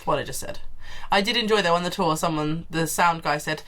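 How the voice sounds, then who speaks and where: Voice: medium pitch, a little fast, pushed and bright, a little hiss or hum. A co-host in casual chat, joking drily. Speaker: band member co-host.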